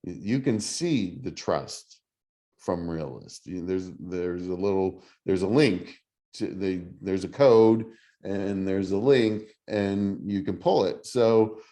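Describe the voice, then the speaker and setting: Middle-aged male instructor, slow and low-voiced, casual and halting with frequent fillers. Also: warm tone. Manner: halting, many fillers and restarts. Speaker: real estate class instructor. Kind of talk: casual teaching over video call.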